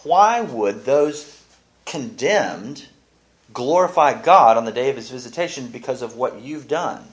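A man's voice: medium pitch, unhurried. A man leading a casual Bible study, teaching with many restarts and reading verses aloud. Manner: animated, restarts often, reads scripture aloud.

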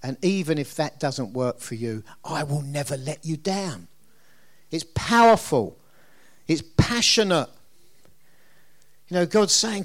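A man's voice: a little high, expressive, a little slow, long pauses, a bit bright. A middle-aged man preaching a sermon in a conversational way, often asking his listeners questions. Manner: conversational, asks the congregation questions.

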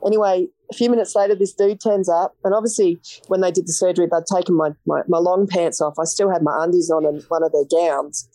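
A woman's voice: lowish voice, fairly even intonation, fast talker, hardly any pauses, warm tone, no echo. Australian woman telling a blunt story. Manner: vivid, blunt storytelling that acts out quoted dialogue. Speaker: podcast guest. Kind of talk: storytelling in a casual interview.

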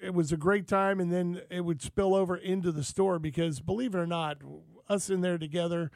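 High-voiced man reminiscing casually. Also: fairly even intonation, fairly quick, darkish tone, no room sound. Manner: rambling with many fillers.

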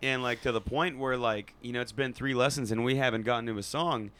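A male voice teacher tells a story in a relaxed, conversational way, with plenty of filler words. His voice is smooth and clear, set at a middling pitch. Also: fairly quick. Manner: storytelling, laid-back, many fillers. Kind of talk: casual chat.

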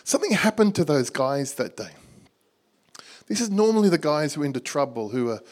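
A middle-aged Australian man preaching, telling a lively story and acting out the dialogue with a laugh in his voice. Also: a little high, brisk. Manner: animated storyteller, acts out dialogue, laughs at himself. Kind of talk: storytelling sermon.

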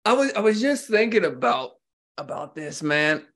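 Gravelly-voiced man in casual chat. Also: fairly high pitch, sing-song, normal speed, a bit bright. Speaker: podcast co-host.

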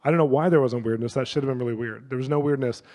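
Fast-talking middle-aged male pastor. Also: mid-range voice, big-room sound. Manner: animated, acts out the people in his stories. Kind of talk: sermon storytelling.

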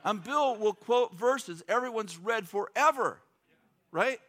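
A man's voice: high voice, lively intonation, slow pace, fairly bright tone. A middle-aged man preaching a sermon in a loose, joking, conversational way, acting out quotes. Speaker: pastor.

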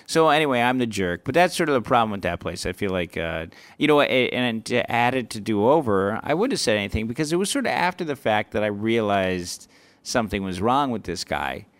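A man, a stand-up comic, swaps stories in easy, casual chat. His voice is smooth and sits in a middle pitch, recorded dry and close. He leaps up in pitch as he acts out both sides of his run-ins. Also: brisk, no room sound. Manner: animated, acts out exchanges with rising pitch.

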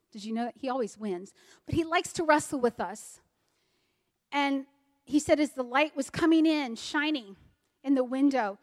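A middle-aged woman telling a church testimony in an animated way, acting out the people she quotes. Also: high voice. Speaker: speaker sharing a mission testimony.

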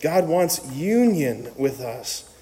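A man giving an energetic, joking talk to a live audience as a Catholic speaker, with a conversational manner and frequent "right?"s. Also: fairly high pitch, slow pace. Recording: long hall reverb.

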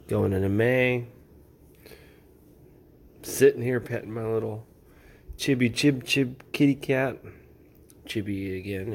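Slow, rambling man hosting a podcast. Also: on the low side, a little hiss or hum. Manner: rambling and relaxed, with fillers, jokes and asides. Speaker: podcast host. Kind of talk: late-night casual solo podcast.

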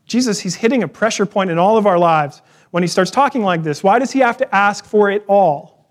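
A man preaching a sermon in a relaxed, conversational way, weaving in personal stories. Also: high voice, a little fast. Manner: conversational, storytelling with personal anecdotes. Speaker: pastor.

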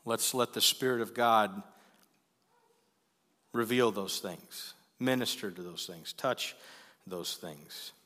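A man preaching a sermon as the pastor, earnest and pleading, sometimes pushing to loud emphasis. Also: fairly low pitch, takes it slowly, long pauses, big-room sound. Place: church sanctuary.

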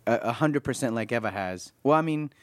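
A man's voice: mid-range voice, expressive, brisk, no echo. Hesitant, stammering man podcast co-host. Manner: hesitant, stammers and repeats words. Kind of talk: casual chat.

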